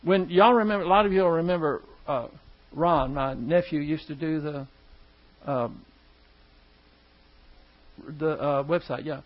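A man's voice: a little high, a little slow, long pauses. A man preaching a sermon to his congregation, conversational and full of questions to the room. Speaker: pastor. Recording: dull lo-fi church recording.

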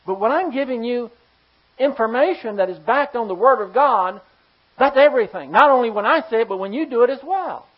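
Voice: mid-range voice, lively intonation, a little fast. A pastor giving a sermon to a congregation, emphatic and firing rhetorical questions at the listeners. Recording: slightly dull lo-fi sound.

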